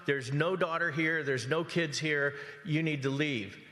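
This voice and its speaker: A man's voice: fairly high pitch, a little slow, pushed and bright. A man speaking as a resident in public comment at a council meeting, telling an upsetting story in an agitated, emphatic way and often asking "okay?". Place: council chamber. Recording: long hall reverb in a council chamber.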